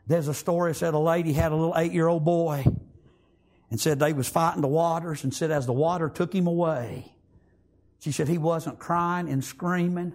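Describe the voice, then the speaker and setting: A man preaching a fervent sermon, calling out to the congregation and swinging between loud and hushed. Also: on the high side, fairly even intonation, normal speed.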